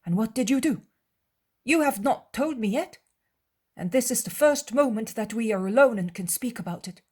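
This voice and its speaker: A woman's voice: on the high side, expressive, moderate pace, darkish tone, husky, voice pushed up. A woman voicing a young male apostle who presses with eager, insistent questions in a dramatized audiobook. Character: prying, anxious male apostle, young man.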